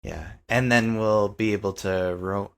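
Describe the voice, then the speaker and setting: Brief: male podcast co-host, low voice, unhurried, lots of ums. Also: fairly even intonation, creaky, fairly bright tone, smooth. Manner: hesitant, many fillers. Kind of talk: casual chat.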